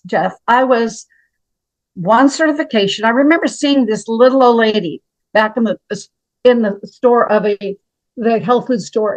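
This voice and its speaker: A woman's voice: a little high, no echo, low-quality recording. A woman in her seventies from Montana, a health practitioner telling her story as an interview guest, dramatic and emphatic, often calling the host by name. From Montana, USA.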